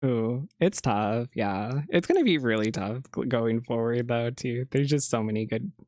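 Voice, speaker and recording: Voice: mid-range voice, expressive, normal speed, darkish tone, dry recording, studio quality. A podcast co-host in casual chat who laughs often and quotes lines with playful emphasis.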